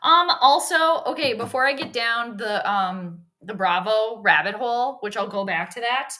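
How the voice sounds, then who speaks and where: A woman's voice: on the high side, lively intonation, normal speed, pushed and bright. A young woman hosting a casual sports live stream, chatty and rambling, greeting viewers by name between asides.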